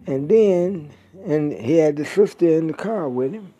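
Guy going off in a slow angry rant, real dark heavy voice, cussing and mocking, dry sound. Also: a little high, expressive, dry recording. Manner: blunt, profane, mocking, drawn-out emphasis. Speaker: podcaster. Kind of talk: angry profane ranting monologue.

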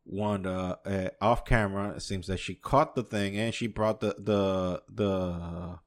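A man from New York hosts his own podcast and reviews a show in a loose, rambling way. He swears freely and keeps chuckling at his own asides. His voice sits on the low side. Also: fairly even intonation, a little slow, hardly any pauses. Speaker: podcast host. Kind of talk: casual solo show review.

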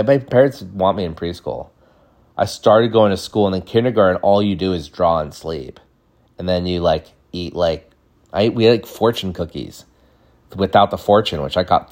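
A man in his thirties doing a comedic storytelling monologue, rambling with lots of "like" and "dude.". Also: deep voice. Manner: animated, jumps into quick voices. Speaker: podcast host.

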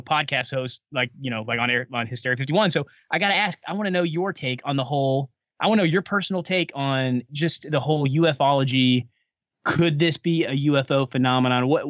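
A man's voice: mid-range voice, a little fast, a bit bright, no echo, muffled recording. A man visiting another podcast as a guest host, chatty and eager, rambling about his interests. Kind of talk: casual podcast chat.

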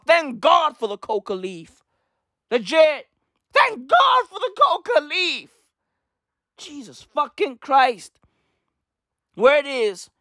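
A brash young woman rants in an emphatic, slang-heavy comedic style and keeps hammering the same lines. Her fairly high voice swoops up and down all the time. The sound is dry and close. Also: no echo. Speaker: comedic ranter. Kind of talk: profane comedic rant to camera.

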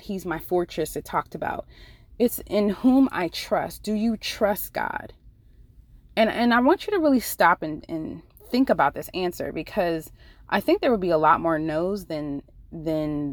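A woman with a fairly low voice gives an earnest Bible devotional. She talks in a casual, conversational way, often restarting her sentences. The sound is dry and close, with no room echo. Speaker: devotional podcast host; ICU nurse.

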